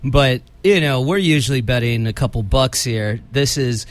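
A man's voice: medium pitch, normal speed. Easygoing man hosting a sports chat. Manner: easygoing, leads segments. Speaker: podcast host. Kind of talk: casual chat.

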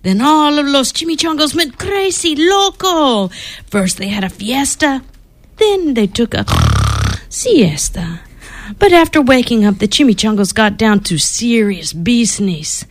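A woman reading a children's storybook aloud, expressive and dropping to whispers for suspense. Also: a little high, unhurried.

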